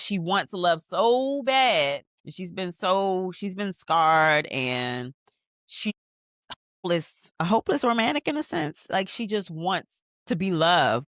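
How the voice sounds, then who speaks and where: A woman hosting a casual TV rewatch recap, talking in an animated, slangy way and retelling scenes. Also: low-pitched, no room sound, clean studio sound. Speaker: podcast host.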